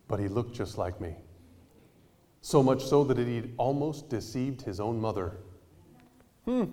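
A man preaching a storytelling sermon in a conversational, animated way, often tossing questions to the congregation. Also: medium pitch, in a large hall.

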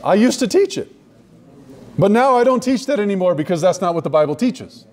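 A man preaching a sermon to a live audience, emphatic, slowing down to stress key words and addressing listeners directly. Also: sits high, very animated.

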